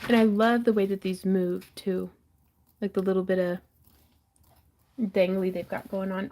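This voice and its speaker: A woman's voice: medium pitch, flat delivery, normal speed, long pauses, warm tone. A woman hosting a live jewelry auction stream in a casual, giggly, self-deprecating way.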